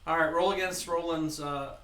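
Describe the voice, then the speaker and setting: A man acting as dungeon master, handing out quick, teasing rulings. His voice sits slightly high and carries echo from a mic set well back in the room. Faint noise hums underneath. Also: fairly even intonation, pushed and bright, distant mic. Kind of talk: running a tabletop game.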